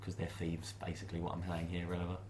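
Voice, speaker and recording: A man playing a tabletop game speaks low and dry, with a deadpan edge. A clear hiss runs under the voice in this home recording. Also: quick pace, roomy sound. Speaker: player. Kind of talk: casual chat.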